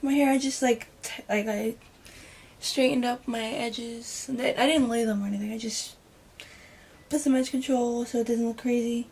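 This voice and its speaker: Chatty woman vlogger, bright higher voice. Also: fairly even intonation, normal speed, vocal fry, breathy edge. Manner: chatty and rambling, with soft muttered asides. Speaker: beauty vlogger. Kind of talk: casual makeup tutorial.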